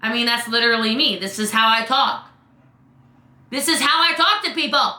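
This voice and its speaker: Bright, high-voiced, sassy woman coach. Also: normal speed, roomy sound. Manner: chatty, playful, sassy, peppered with "like" and "okay?". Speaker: business coach. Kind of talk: live Q&A coaching chat. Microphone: webcam.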